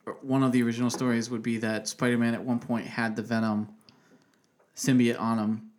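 A man's voice: mid-range voice, flat delivery, brisk, darkish tone, a little hiss or hum. A man co-hosting a casual gaming podcast, laid-back and a bit sheepish, swearing casually. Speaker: podcast co-host. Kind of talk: casual chat.

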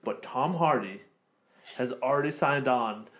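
A young man co-hosting a podcast in casual chat, loud and profane, laughing often. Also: mid-range voice, a little slow. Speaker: podcast co-host.

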